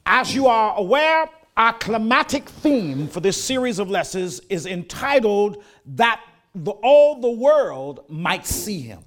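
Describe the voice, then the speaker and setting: A man's voice: high voice, very animated, takes it slowly, fairly bright tone. An older man, preaching a sermon in a folksy manner that rises to emphatic declarations.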